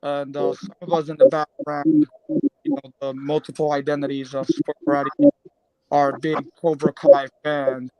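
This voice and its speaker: A man in a casual podcast chat who talks in halting restarts and is playfully dramatic. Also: a little high, animated, mellow, no room sound, poor audio.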